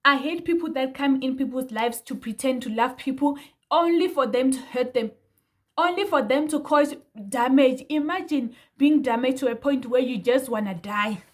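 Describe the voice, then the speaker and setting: A woman's voice: high-pitched, moderate pace. A young woman talking to her viewers in a heated, indignant way, repeating herself for emphasis. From South Africa. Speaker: vlogger. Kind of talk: casual commentary to camera.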